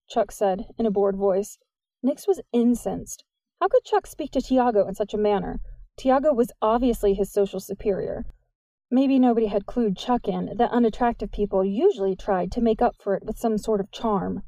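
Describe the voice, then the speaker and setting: A woman narrating a young-adult novel in a steady, lightly expressive way, close to the mic. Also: mid-range voice, normal speed, creaky, no room sound. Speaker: audiobook narrator. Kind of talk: scripted narration.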